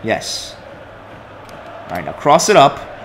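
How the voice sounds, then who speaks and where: A man's voice: mid-range voice, big pitch swings, takes it slowly, background noise. A young man commenting on his own soccer video game play, complaining and swearing at his team. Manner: exasperated, complaining, swears often. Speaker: gaming commentator.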